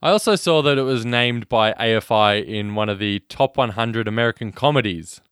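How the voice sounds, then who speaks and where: A man's voice: mid-range voice, fairly quick, a bit bright, clear, resonant tone, dry recording, clean studio sound. A man co-hosting a casual film podcast, bantering and teasing his co-host.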